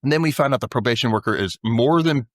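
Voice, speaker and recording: A man's voice: medium pitch, fast talker, no echo. A man with a mid-range voice hosts a casual recap chat. He retells scenes with animation and drops into the characters' lines as he goes. The sound is close and dry, with no room around it. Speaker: podcast host.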